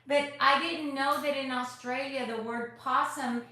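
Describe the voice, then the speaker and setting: Slow-talking woman in an echoey room. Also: high-pitched, fairly even intonation, sharp tone. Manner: chatty, greets viewers by name, sweet and effusive. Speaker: craft livestream host. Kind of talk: live crafting tutorial chat.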